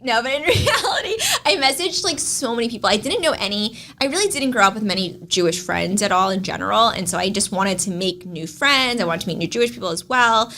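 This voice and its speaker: A woman in her thirties co-hosting a podcast, bubbly and quick to laugh as she chats. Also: medium pitch, pushed and bright, slight background noise. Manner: giggly, bubbly. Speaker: podcast co-host. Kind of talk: casual chat.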